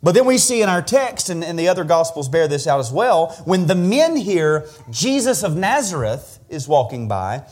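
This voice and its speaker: Earnest higher-voiced male preacher. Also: big pitch swings, normal speed, few pauses, darkish tone. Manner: earnest, repeats words when restarting. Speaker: pastor. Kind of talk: expository sermon.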